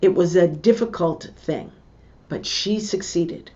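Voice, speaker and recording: A woman teacher reading a book passage aloud and stopping to explain what words mean, in a slow, deliberate way. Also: lowish voice, warm tone, highs cut off. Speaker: English teacher.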